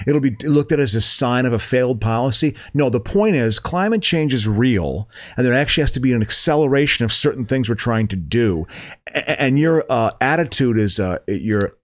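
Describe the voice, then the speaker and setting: A man's voice: medium pitch, lively intonation, a little fast. A man in casual podcast chat, rambling with stammered restarts and swearing as he rants. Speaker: podcast co-host.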